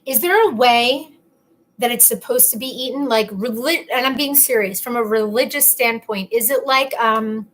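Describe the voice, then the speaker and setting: A young woman with a fairly high, fairly bright voice hosts a casual live stream at a normal speed, reading viewer comments in a chatty, playful, teasing way. Sometimes she talks with her mouth full as she eats.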